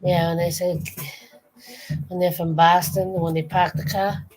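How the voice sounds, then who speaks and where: A woman's voice: on the low side, little pitch movement, a little slow, a little mellow, poor audio. Brief: woman, tired streamer, chatty and laughing, faint background hiss. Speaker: streamer drawing live. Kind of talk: casual chat.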